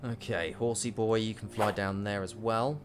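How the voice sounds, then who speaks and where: Low-voiced guy chatting thru a strategy game, calls units mate, game music underneath. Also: fairly even intonation, moderate pace. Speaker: streamer. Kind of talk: casual gameplay commentary.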